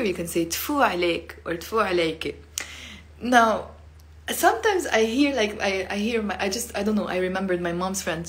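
A woman from Lebanon giving a casual online language lesson, acting out each sound playfully with big jumps in pitch and loudness. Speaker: Lebanese Arabic teacher.

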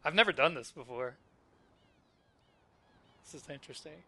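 A man's voice: fairly high pitch, lively intonation, moderate pace, long pauses, bright, forceful tone. A man hosting a let's play, thinking aloud and easily delighted as he plays. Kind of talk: casual gameplay commentary.

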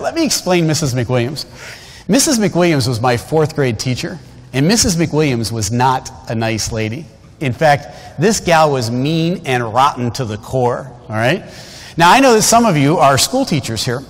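A man in his fifties preaching a storytelling sermon, folksy and conversational, with frequent asides to the congregation. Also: a little high. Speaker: guest preacher. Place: large church sanctuary. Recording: long church hall reverb.

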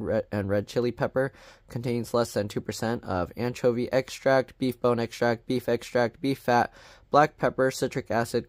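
A man in a relaxed vlog reviewing packaged food, reading the label aloud in a plain, steady way and dropping chatty asides as he goes. His voice sits in a middle pitch and the recording is dry, with little room sound. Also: no room sound. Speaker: product reviewer. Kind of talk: casual product review vlog.

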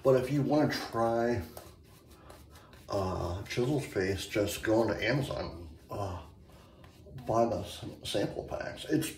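A man casually talking through his shave, rambling and halting with lots of fillers and restarts. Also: on the low side, animated, darkish tone, distant mic. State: hiccups. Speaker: shaving video host. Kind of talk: casual shaving vlog talk. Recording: echoey room, mic set back.

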